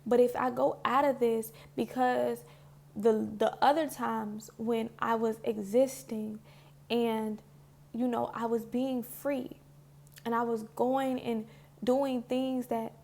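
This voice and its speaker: This woman's voice sits a bit high, creaky and somewhat dark, moving at a slow, level pace. Chatting reflectively to camera about spiritual healing, she comes across sincere and loose, saying "like" a lot, and seems close to crying.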